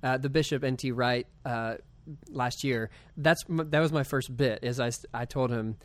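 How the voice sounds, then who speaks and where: A man's voice: mid-range voice, normal speed, no room sound. Joking young man, dry close sound. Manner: joking, animated storytelling. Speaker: podcast host. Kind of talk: casual podcast conversation.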